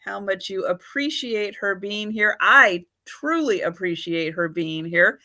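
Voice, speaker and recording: A woman's voice: medium pitch, lively intonation, sharp tone. A woman hosting a livestream sale of antique photos, describing each item thoughtfully. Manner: slow, thoughtful, describing items. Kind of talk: casual livestream chat.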